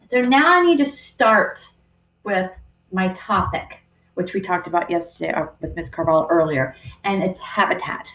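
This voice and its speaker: A woman teacher giving a remote writing lesson to young children, speaking slowly and sounding out each word as she writes, recorded on a computer microphone. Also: medium pitch. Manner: slow and deliberate, sounding out words while writing. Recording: roomy echo.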